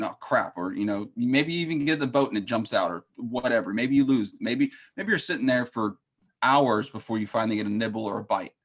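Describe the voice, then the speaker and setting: A man from Texas with a Texan accent, a trading coach telling folksy, easygoing stories in casual chat. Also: on the low side.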